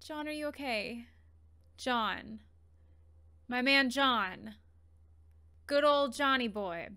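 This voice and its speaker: A woman hosts a casual movie reaction, exclaiming at what she sees on screen. Her voice is high and she talks at an unhurried pace. Clear background noise runs through the recording. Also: sharp tone.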